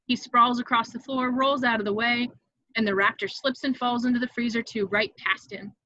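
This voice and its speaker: A woman reading stage directions aloud in an amateur online table read, brisk and vivid, with occasional slips she corrects. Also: fairly high pitch, fairly even intonation, sharp tone, no room sound, highs cut off.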